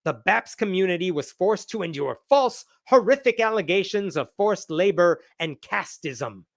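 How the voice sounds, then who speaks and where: An indignant woman leading an advocacy group speaks with an Indian accent, as a man puts her on in mocking imitation. She sounds emphatic and a little higher and louder than a plain talking voice. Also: expressive, moderate pace, dry recording, studio quality.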